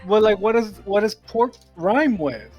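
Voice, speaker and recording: A man's voice: high-pitched, expressive, unhurried, darkish tone, breathy edge, muffled recording, faint music behind. A man chatting casually and playfully confused, laughing often. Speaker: co-player. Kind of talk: casual chat while voice-acting a game.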